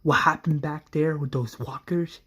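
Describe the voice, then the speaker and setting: A man's voice: a little high, fairly even intonation, measured pace, bright, forceful tone, slightly rough, exaggerated voice. A man voicing a loyal friend who rallies a distraught leader in an earnest tone. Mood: rallying. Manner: earnest, rallying. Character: steady encouraging male friend, adult.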